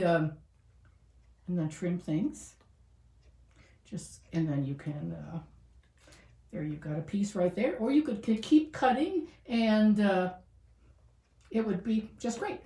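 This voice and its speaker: Chatty woman with a mellow, roomy voice. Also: mid-range voice. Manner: chatty, thinks aloud with fillers and restarts. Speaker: card-making demonstrator. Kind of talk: casual crafting tutorial. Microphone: camera mic set above the work table. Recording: roomy sound with the mic some distance away.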